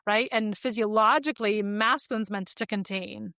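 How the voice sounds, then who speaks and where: A woman's voice: mid-range voice, normal speed, sharp tone, no echo, clean studio sound. A woman in her forties, a podcast guest telling personal stories in a candid, reflective, conversational way with frequent fillers.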